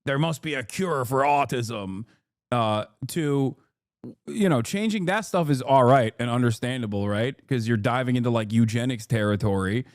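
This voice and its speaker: A man's voice: mid-range voice, moderate pace, dry recording, studio quality. A man in his thirties commenting on a livestream, profane and heated, mocking with sarcastic mimicry and bursts of laughter. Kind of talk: reacting to clips and articles on stream.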